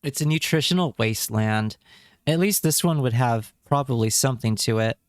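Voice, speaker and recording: A man's voice: mid-range voice, normal speed, clean tone, no echo, clean studio sound. A man streaming live, chatting casually with his viewers and reacting with wry remarks and repeated words.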